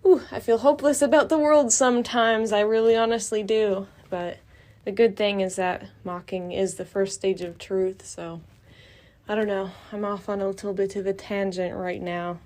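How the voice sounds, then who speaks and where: A woman's voice: medium pitch, fairly even intonation, normal speed, a little mellow. A young adult woman hosting a podcast, talking in a blunt, passionate, rambling way with many fillers, recorded outdoors. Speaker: podcast host. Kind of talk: casual monologue. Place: outdoors near a building.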